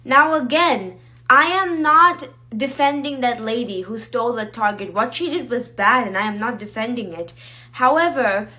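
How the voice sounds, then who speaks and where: A woman's voice: a little high, sharp tone. A woman giving an indignant, emphatic opinion commentary to camera. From South Asian American.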